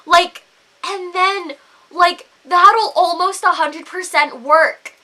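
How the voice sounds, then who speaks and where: Bright, high-voiced young woman ranting. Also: slow. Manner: heated, swears a lot, constant "like". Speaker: vlogger. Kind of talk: ranting to camera.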